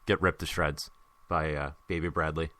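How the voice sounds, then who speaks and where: A man's voice: very deep voice, steady tone, moderate pace, pushed and bright, no echo. A young American man hosting a casual sports chat, hungover and rambling with lots of fillers and restarts. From United States. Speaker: podcast host.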